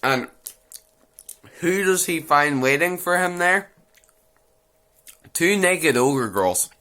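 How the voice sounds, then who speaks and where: Here the young anime reviewer's voice sits a little high, slow but with lively intonation and a pushed, bright quality. He rambles through a crude, mocking, casual recap of an episode, repeating phrases mid-rant.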